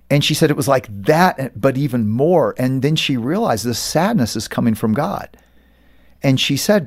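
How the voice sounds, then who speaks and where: At a moderate pace and medium pitch, a middle-aged pastor who also writes books shares stories during an interview. He's lively in the telling, giving voice to the people he quotes.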